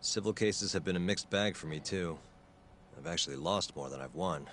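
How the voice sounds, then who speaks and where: An earnest lawyer, deep. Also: male voice, a little hiss or hum. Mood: calm. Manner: calm, earnest and measured. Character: earnest male lawyer turned detective. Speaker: lawyer in a video game. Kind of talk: game voice acting.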